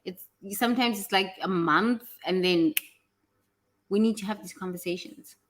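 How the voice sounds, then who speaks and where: A woman's voice: medium pitch, moderate pace, a little hiss or hum. A woman teaching in a casual, motivational way, talking bluntly and animatedly, swearing freely and acting out what other people say.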